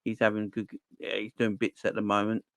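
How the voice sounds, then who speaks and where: A man hosting a casual football live stream, animated and slangy, answering the chat as he goes. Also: on the low side, fairly quick, no echo. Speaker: football channel host.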